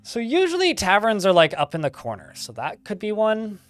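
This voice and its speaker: A fairly high-voiced man talks through a live game stream, reading game text aloud and cursing offhandedly. His delivery swings up and down with lots of life. The sound is dry and close, with faint music underneath. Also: huge pitch swings, a little fast, no echo. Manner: chatty, reads game text aloud, swears casually. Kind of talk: live gameplay commentary.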